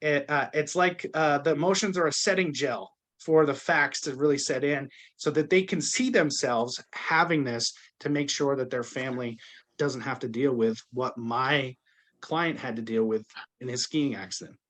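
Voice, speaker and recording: A man's voice: mid-range voice, moderate pace, fairly bright tone. Man coaching a sales team. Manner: coaching, conversational, addresses group directly. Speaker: sales trainer. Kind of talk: team training talk.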